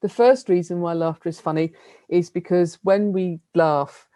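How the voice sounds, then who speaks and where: Lively British academic woman, middle-aged, lowish voice, dry computer mic on a video call. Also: normal speed, no echo. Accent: British English. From United Kingdom. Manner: lively, chatty, self-deprecating with little laughs. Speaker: lecturer. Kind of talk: academic plenary talk over video call.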